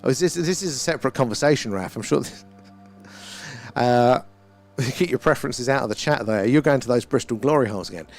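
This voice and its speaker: A man's voice: medium pitch, brisk, faint music behind. A middle-aged man hosting a live stream, chatting casually and reading viewer comments, rambling with fillers and frequent laughs.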